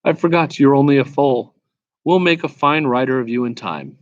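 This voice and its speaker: Male reader as a proud talking war horse, brisk, scornful, lecturing, dry close sound, storybook read-aloud. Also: mid-range voice, no echo, lo-fi sound, voice pushed up, close to an everyday voice. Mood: gentler.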